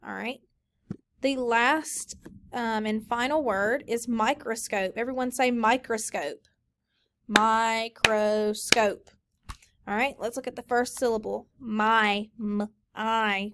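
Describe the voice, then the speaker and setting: A woman teaching a recorded phonics lesson, sounding out each syllable clearly and slowly for students. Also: on the high side.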